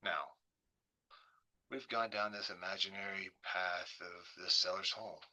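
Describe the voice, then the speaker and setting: Male real estate host, slightly low voice, storytelling guided-imagery workshop. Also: steady tone, pushed and bright. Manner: slow, coaxing, imaginative storytelling. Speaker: real estate agent hosting a webinar.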